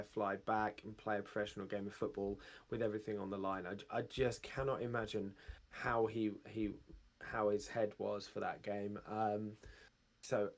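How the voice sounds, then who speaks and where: A man co-hosting a football fan phone-in, chatting casually and reflectively, with plenty of fillers. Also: on the low side. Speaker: podcast co-host.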